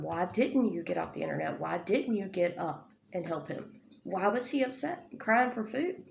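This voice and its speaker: A woman's voice: a little high, creaky, darkish tone, a little hiss or hum. A woman giving an angry commentary rant, firing off confrontational rhetorical questions and swearing often. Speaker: drama commentary youtuber. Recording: echoey room.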